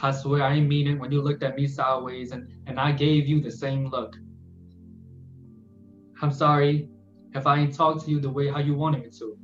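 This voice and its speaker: A man performing his own spoken word poem on a podcast, earnest and measured. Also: mid-range voice, level tone, faint music behind. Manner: earnest, measured delivery that slows and softens. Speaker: guest poet. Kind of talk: spoken word poetry reading. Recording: roomy, muffled podcast audio.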